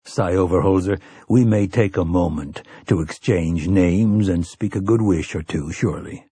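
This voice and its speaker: A man voicing a calm, formal gunslinger who speaks mildly and deliberately. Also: low voice, gravelly, husky, no room sound, pitched below the performer's own voice, exaggerated voice. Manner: mild, measured, formal and old-fashioned.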